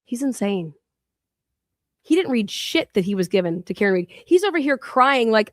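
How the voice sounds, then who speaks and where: Woman, co-host, blunt, scornful, profane commentary, slightly high voice. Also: sing-song, normal speed, no echo, studio quality.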